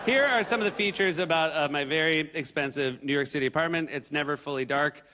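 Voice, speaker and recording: A man in his forties from New Hampshire doing animated stand-up comedy on a theater stage. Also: a little high, fast. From New Hampshire, USA. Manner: animated, breaks into yelled impressions. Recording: stage mic in a reverberant hall.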